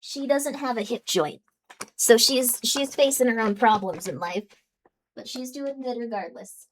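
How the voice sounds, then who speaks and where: A woman's voice: unhurried, a little hiss or hum. A young woman chatting casually and rambling with her viewers during a live stream. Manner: chatty, rambling, coos at her cat in a high baby voice.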